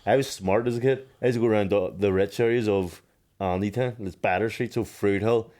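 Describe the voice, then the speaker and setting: A man, co-hosting a podcast in casual banter, telling animated stories with plenty of swearing. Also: lowish voice, fairly quick. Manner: animated storytelling with swearing and laughter. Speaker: podcast co-host.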